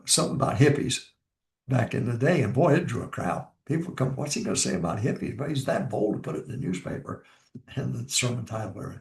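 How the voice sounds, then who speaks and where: A man's voice: mid-range voice, reverberant. An older man, a pastor, giving informal advice on preaching and repeating his key lines for emphasis.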